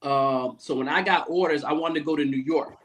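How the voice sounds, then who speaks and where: A man with a slightly high voice tells a long workplace story in relaxed, salty podcast talk. He slips into other people's voices as he recounts what they said. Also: a little fast. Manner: animated storyteller acting out the people he quotes; loose, profane, talkative. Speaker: podcast guest, Navy command master chief. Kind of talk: casual storytelling interview.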